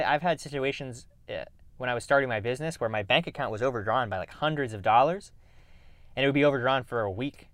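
A man's voice: medium pitch, a bit bright, no echo. A man hosting a podcast, talking earnestly and reflectively about handling stress, with restarts and sighs. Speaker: podcast host. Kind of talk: casual self-help talk.

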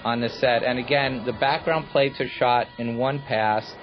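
A mid-pitched man talks through a film commentary, explaining how scenes were shot and telling stories from the set. The recording is dull and lo-fi, with the top end rolled off. His tone is steady and explanatory. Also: normal speed, music in the background. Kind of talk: anecdotal commentary.

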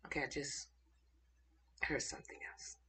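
A woman giving an informal Bible teaching, excited and halting as she searches for verses mid-thought.

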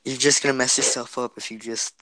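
A man's voice: mid-range voice, level tone, fast, sharp tone, poor audio. A young man co-hosting a podcast, laid-back and chiming in with short agreements. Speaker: podcast co-host. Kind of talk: casual podcast chat.

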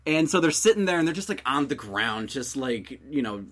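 A man's voice: mid-range voice, big pitch swings, a little fast, fairly bright tone. A young man in casual chat, rambling through a story with many fillers and restarts.

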